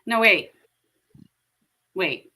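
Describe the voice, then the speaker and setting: Bright, lively woman co-host pushing back. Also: mid-range voice. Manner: teasing, objecting, quick to push back. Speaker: podcast co-host. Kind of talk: casual live-stream banter.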